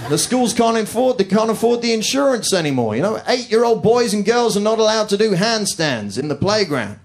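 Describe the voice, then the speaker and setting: A man's voice: high-pitched, sing-song, fairly quick, slight background noise. A man with a posh English accent doing a stand-up routine on a club stage, with a sarcastic, mock-indignant, ranting manner. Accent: posh southern English. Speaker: stand-up comedian. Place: comedy club stage before a laughing audience. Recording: live club recording with audience laughter.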